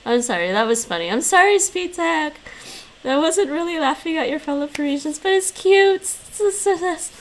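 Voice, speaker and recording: A woman's voice: high voice, animated, moderate pace, a little hiss or hum. A woman streaming, chatting casually and laughing often as she reacts. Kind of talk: casual live-stream chat.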